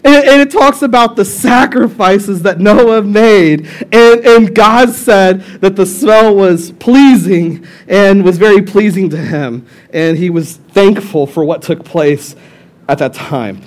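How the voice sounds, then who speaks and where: An animated young male pastor with a notably high-pitched voice delivers a casual, joking sermon. He tells the story in lively bursts and wanders into quick side remarks. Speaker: lead pastor.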